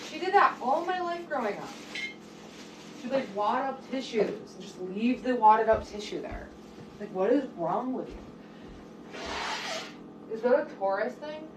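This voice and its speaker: A woman's voice: fairly high pitch, lively intonation, a little slow, pauses often, noisy background. A middle-aged woman vlogging casually from her home kitchen, venting and swearing in frustration. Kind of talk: casual vlog monologue.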